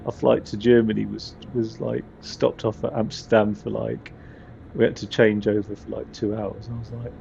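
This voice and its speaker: A man's voice: fairly low pitch, level tone, normal speed, vocal fry, a little mellow, highs cut off, slight background noise. A man casually commenting while playing a train simulator, rambling, swearing now and then and chuckling at his own stories. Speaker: game streamer.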